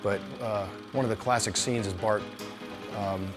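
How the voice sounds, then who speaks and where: A man's voice: fairly low pitch, steady tone, unhurried, over music. A man telling family anecdotes in an interview, a little hesitant with fillers. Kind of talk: interview recollection.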